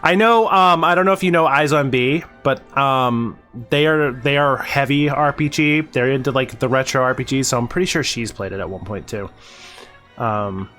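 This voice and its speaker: A man talks to his chat while he plays, rambling along with fillers and the odd curse. His voice sits in a middle pitch. Faint game music runs quietly behind him. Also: moderate pace. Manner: chatty, rambling, fillers and self-corrections, casual swearing. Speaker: variety streamer. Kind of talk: casual live-stream chat while gaming.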